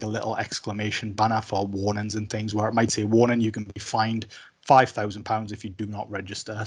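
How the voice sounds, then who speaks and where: Male instructor, mid-pitched, loose conversational teaching delivery. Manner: casual, conversational, with fillers. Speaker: coding instructor. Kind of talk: explaining web basics.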